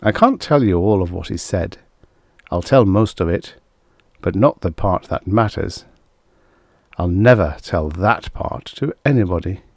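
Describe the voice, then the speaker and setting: Low-voiced man reading vintage sci-fi. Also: a little slow, no room sound, studio quality. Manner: steady first-person storytelling. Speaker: audiobook reader. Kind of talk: vintage science fiction audiobook narration.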